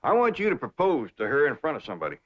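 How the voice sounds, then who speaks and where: An actor playing a calm, fair-minded hillbilly head of the family with an Ozark drawl. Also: male voice, fairly high pitch. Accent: Ozark hill country. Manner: slow folksy drawl. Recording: muffled 1960s TV soundtrack.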